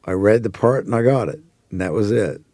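A man in his forties from Australia who now speaks with an American accent, telling rambling stories as an actor guest in a relaxed interview. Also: fairly low pitch, brisk, dry recording, studio quality. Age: 40s. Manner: rambling anecdotal storyteller.

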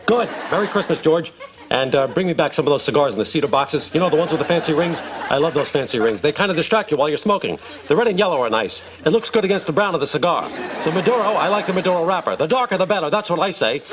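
A man's voice: on the high side, animated, fast, crowd noise, noisy background, pitched above the performer's own voice, natural voice. A man playing a blustery, rambling older team owner who digresses endlessly in a sitcom clip. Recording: sitcom clip with studio audience laughter.

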